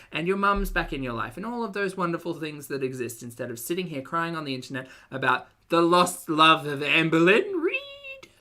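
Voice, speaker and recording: A woman's voice: deep voice, bright, forceful tone. A woman streaming a reaction commentary, mocking and blunt with dry sarcastic asides to her chat.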